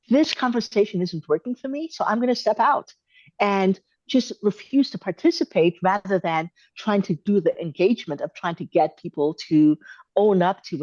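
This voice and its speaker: A woman hosts a live Q and A over a video call. She coaches in a measured, thoughtful and gently encouraging way. The sound is dry and a little dull. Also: medium pitch, no room sound. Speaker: host answering viewer questions.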